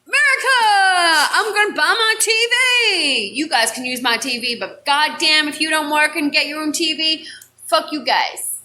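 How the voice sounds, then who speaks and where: A woman's voice: high voice, expressive, moderate pace, sharp tone, exaggerated voice. A woman voicing a brash, whiny, boastful capitalist sausage in a comedy podcast story skit.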